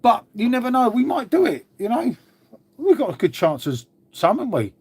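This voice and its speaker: A man's voice: very high-pitched, huge pitch swings, normal speed, darkish tone, breathy edge. A man hosting a casual live stream, chatting to viewers, reacting to comments and calling everyone "mate". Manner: chatty, calls people "mate" constantly. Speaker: livestream host.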